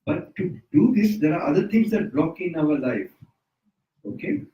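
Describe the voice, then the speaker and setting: A man's voice: on the high side, big pitch swings, moderate pace, highs cut off. A man gives an informal Buddhist dharma talk in a home, correcting himself as he goes and chuckling often. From Sri Lanka. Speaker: Buddhist monk teacher. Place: indoors at a private residence. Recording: roomy sound, mic at a distance.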